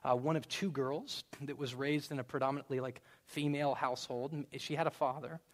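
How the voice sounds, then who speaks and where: A man in his thirties preaching a sermon in a conversational way, with sudden loud emphasis and slowed, stretched words. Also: mid-range voice, fairly even intonation. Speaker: pastor. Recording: long reverb of a large hall.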